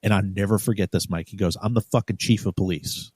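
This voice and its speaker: A man's voice: lowish voice, fast talker, darkish tone, slightly rough, dry recording, studio quality. A man from New York, a podcast co-host, telling a story bluntly and with profanity, acting out the dialogue. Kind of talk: casual storytelling.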